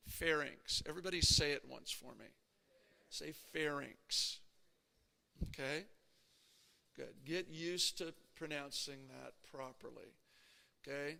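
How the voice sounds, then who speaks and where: A man with a gravelly, bright voice gives a classroom lecture, talking casually and stopping often to check that his students follow. His speech rings out with the long reverb of a lecture hall. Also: a little high. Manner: conversational, checks in with frequent "okay?" and "right?". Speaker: anatomy lecturer.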